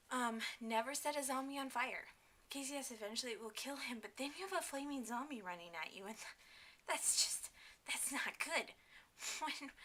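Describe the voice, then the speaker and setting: A young woman vlogs from home into her camera's own mic, chatty and eager, scattering fillers and side remarks as she goes. Her voice sits a bit high and bright. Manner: chatty and enthusiastic, with many fillers and asides. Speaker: vlogger. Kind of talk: casual talk to camera.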